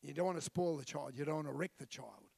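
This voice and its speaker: A man's voice: on the high side, fast, vocal fry, darkish tone, no room sound. A middle-aged man, preaching a blunt, colloquial sermon with asides to the congregation. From New Zealand. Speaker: pastor. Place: church.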